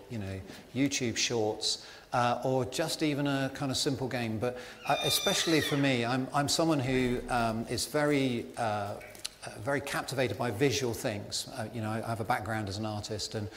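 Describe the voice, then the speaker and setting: A preacher gives a chatty, self-deprecating sermon in a church hall, full of fillers and asides, in a mid-range voice. The conversational talk is recorded in a reverberant hall with faint ambience and a little hiss or hum.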